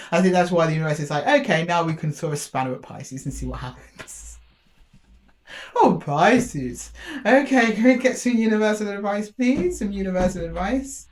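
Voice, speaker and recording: A woman's voice: sits low, darkish tone. A woman talks through a tarot spread to the camera. She keeps it light and chatty, laughing a lot and slipping into little voices for the universe between cards. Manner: chatty and playful, laughs often, acts out the universe in quick asides. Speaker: tarot reader. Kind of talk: casual tarot reading to camera.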